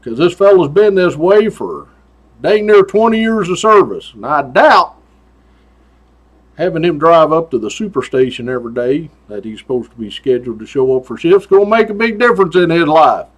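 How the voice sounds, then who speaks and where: A man's voice: on the high side, very animated, moderate pace, muffled recording. A man hosting a show, telling a story in a casual, profane, folksy way and laughing often. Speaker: host.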